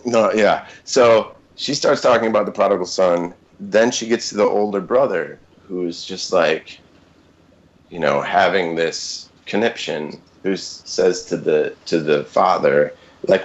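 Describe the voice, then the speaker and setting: A man in his thirties with a low voice tells a personal story as a podcast guest. He rambles, breaking off mid-sentence for fillers and side notes. The recording sounds dull and lo-fi. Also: unhurried. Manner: rambling, self-interrupting, with many fillers and asides. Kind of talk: casual storytelling.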